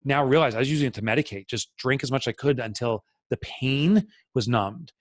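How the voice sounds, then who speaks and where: A man's voice: medium pitch, a little fast, no echo. A middle-aged man, a podcast guest, telling a candid personal story in an earnest, reflective way with many fillers.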